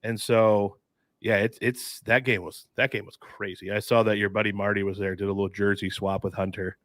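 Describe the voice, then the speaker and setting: Man, lowish voice, upbeat sports podcast co-host, dry close mic. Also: level tone, brisk, a bit bright, dry recording. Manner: enthusiastic, says dude and mm-hmm. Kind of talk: casual sports chat.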